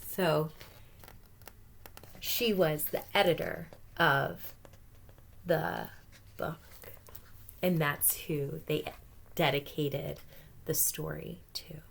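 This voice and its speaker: A woman teacher reading a picture book aloud to children, expressive with gentle asides. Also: lowish voice, vocal fry, a little hiss or hum.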